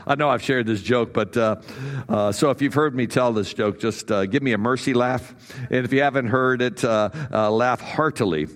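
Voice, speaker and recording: A man's voice: mid-range voice, moderate pace. A middle-aged man preaching a sermon as pastor, folksy and jokey, with many fillers.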